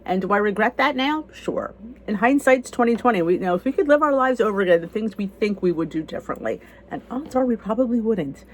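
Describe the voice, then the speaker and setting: A woman's voice: lively intonation, quick pace, slight background noise. A woman in her fifties from the United States, talking candidly to the camera in a casual vlog about weight loss. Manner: candid, conversational, pitch rising on emphasis.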